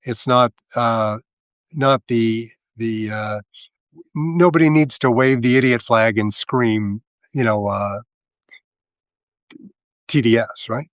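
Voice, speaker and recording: A man speaking slowly and haltingly in a casual political commentary, sardonic and full of fillers and restarts. His voice sits at a middle pitch, heard close and dry with no room sound. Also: dry recording. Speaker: live video host.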